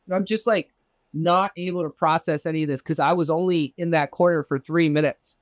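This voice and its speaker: A man from Southern California telling a personal story as an interview guest, animated and profane, acting out the voices of others in it. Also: brisk, no echo. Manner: animated, profane, acts out quoted exchanges with big pitch jumps. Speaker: interview guest recounting a UFO experience. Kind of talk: casual storytelling.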